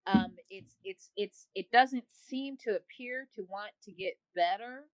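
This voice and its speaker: A woman's voice: on the high side, big pitch swings, measured pace, dry recording, poor audio. Earnest woman guest host. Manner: earnest, searching for words. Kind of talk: opinion discussion.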